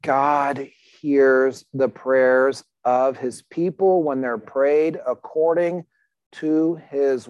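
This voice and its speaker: Pastor, man, slightly high-pitched, talks to the flock plainly and emphatically, dry close recording. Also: darkish tone, no room sound. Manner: conversational, emphatic with rhetorical questions. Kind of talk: sermon.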